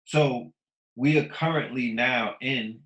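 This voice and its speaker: A man in his thirties holds forth in a casual podcast monologue, his voice sitting at an ordinary pitch. He preaches with animated swings between loud, emphatic bursts and low mutters, swearing freely. The room around him gives a noticeable echo. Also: slow pace, dull audio. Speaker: podcast host.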